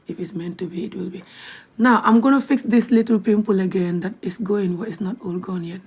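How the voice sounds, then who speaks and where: A woman's voice: mid-range voice, brisk, darkish tone, breathy edge. A young woman with a Gambian accent chatting bluntly on a live video, laughing often and dropping to a whisper at times. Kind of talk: casual live-stream chat.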